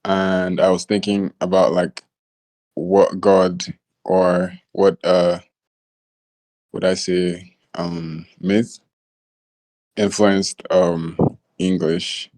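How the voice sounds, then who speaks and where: Slow, low-voiced man musing hesitantly. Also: little pitch movement, darkish tone, no echo. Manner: hesitant, searching for words. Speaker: book club participant. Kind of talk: reflective discussion.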